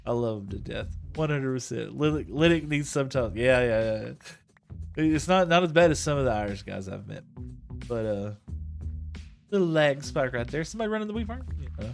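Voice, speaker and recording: A man talks through his game stream in a loose, rambling way. He restarts his sentences often and chuckles between thoughts, at a middling pitch. Quiet music plays underneath him. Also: lively intonation, normal speed, creaky. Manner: rambling, chatty, self-correcting with frequent chuckles. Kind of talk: casual gameplay stream chat.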